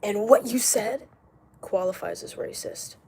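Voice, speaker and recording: A young woman live streaming from home, chatting casually, reading out comments and firing back quick retorts with frequent laughs. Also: medium pitch, vocal fry, darkish tone, husky. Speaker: livestreamer. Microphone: camera mic while live streaming.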